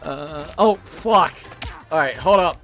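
A game streamer giving profane live commentary, shouting and laughing at the game. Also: mid-range voice, lively intonation, slow pace, faint music behind.

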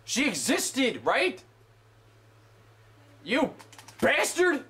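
Young male let's player, high and animated, quick to blow up with curses. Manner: profane, exasperated outbursts. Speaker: gamer. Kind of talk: let's play commentary.

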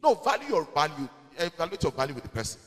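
Nigerian male pastor, high and very expressive delivery, emphatic preaching, long hall reverb. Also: fast. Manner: animated, emphatic, slipping into Pidgin asides. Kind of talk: preaching in a church Q&A. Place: church hall.

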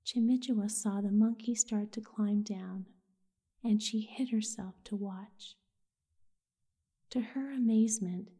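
Woman whispering a bedtime story, really slow, dark breathy voice. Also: a little high. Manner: soft, soothing whisper.

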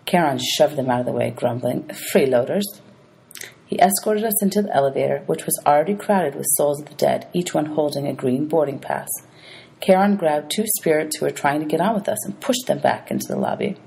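A woman's voice: deep voice, brisk, creaky, mellow, husky, low-quality recording. A woman teacher reading a novel aloud to her students, announcing page numbers as she goes.

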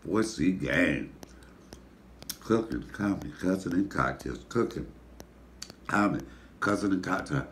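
A man with a deep voice, hosting a casual mukbang and telling animated, profane stories while he eats. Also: unhurried, long pauses, a little hiss or hum. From Detroit, USA. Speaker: comedian and mukbang host. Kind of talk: casual storytelling while eating.

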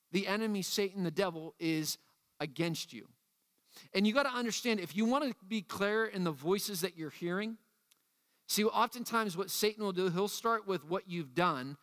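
A man preaching a youth sermon as pastor, energetic and acting out the voices he quotes. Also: high voice, big-room sound.

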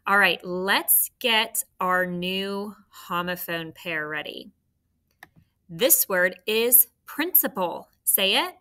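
A woman's voice: mid-range voice, lively intonation, takes it slowly, bright, forceful tone, clean tone. A woman teacher drilling children on spelling homophones, encouraging them step by step. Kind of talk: recorded phonics lesson for children.

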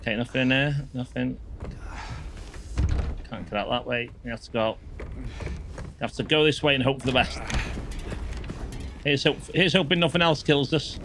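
A man is livestreaming a game, chatting with his viewers and swearing or yelping whenever something jumps out at him. His voice is medium in pitch and steady in tone, moving at a moderate pace with frequent pauses. Background noise can be heard.

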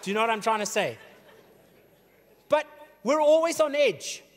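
Pastor, male, high-pitched, animated preaching with shouts and hushed drops, long church-hall reverb. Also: normal speed. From South Africa. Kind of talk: sermon. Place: church auditorium.

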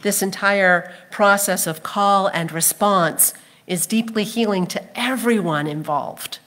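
A woman's voice: mid-range voice, slow pace, a bit bright. A woman pastor delivering a sermon, telling the story expressively and acting out the crowd's voices. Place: church sanctuary.

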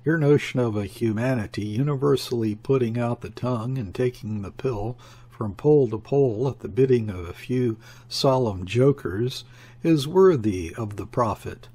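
A man's voice: medium pitch, moderate pace, warm tone, slightly rough, natural voice. A man voicing a scornful anarchist professor. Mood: mocking. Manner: scornful, precise, sententious. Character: cold sardonic male anarchist professor, contemptuous. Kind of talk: audiobook character voice.

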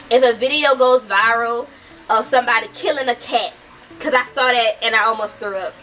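A woman's voice: on the high side, fairly bright tone, recorded from a distance, slight background noise, poor audio. A young woman from the United States giving a heated, casual book review, swearing often and talking animatedly.

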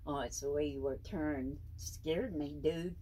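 A woman in her seventies at home, talking to her pet snake in a high, sing-song baby-talk voice and laughing often. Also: a little slow, dark tone, a little hiss or hum. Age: 70s. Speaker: snake owner. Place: indoors at home.

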